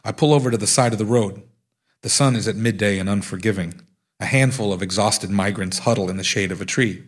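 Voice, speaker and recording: A man reading aloud from his own book, telling a story in a wry, steady way. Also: on the low side, fairly quick. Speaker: author.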